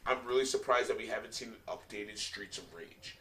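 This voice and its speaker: Buzzed guy rambling and cussing on a podcast, bright voice, roomy echo, a bit off mic. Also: lowish voice, a little fast. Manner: loose, rambling and heavy on profanity. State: tipsy. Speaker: podcast co-host. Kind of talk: casual chat. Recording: echoey room, mic at a distance.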